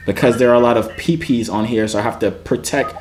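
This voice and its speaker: A man in his twenties runs a joking video chat with strangers, firing deadpan, teasing questions at them. His voice sits at an average pitch, and faint noise hangs behind it. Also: fast talker. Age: 20s. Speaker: YouTuber.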